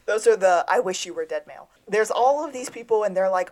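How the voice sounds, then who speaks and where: A woman co-hosting a podcast, adding relaxed asides while recapping a TV episode. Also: medium pitch, fairly quick. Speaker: podcast co-host. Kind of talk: casual chat recapping a TV episode.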